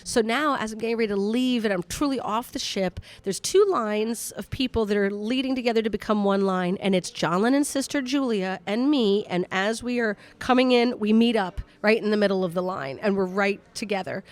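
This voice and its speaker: A woman comedian telling a story as a podcast guest in casual chat, lively and swearing freely, with quick asides. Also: medium pitch.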